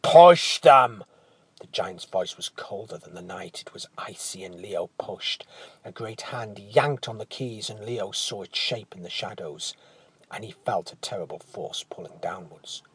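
A man narrating a storybook tale in a hushed, dramatic manner that often drops to a whisper. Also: low-pitched, moderate pace, slightly rough, dry recording.

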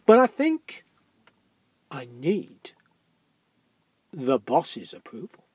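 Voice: medium pitch, wildly swooping pitch, extremely slow, breathy edge, no echo, clean studio sound, exaggerated voice. A storyteller doing a fussy fretting gatekeeper. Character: fussy male gatekeeper, a servant.

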